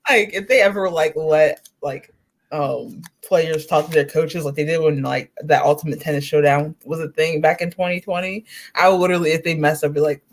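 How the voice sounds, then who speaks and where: A woman's voice: on the low side, moderate pace. A woman co-hosting a casual tennis chat, laughing often and acting out what she would say to players. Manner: giggly, animated, acts out quoted remarks.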